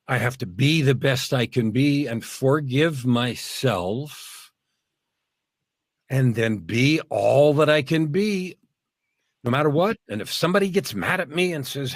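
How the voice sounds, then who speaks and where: A man who is a guest, talking in an earnest, measured and reflective way. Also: mid-range voice, dry recording. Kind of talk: reflective conversation.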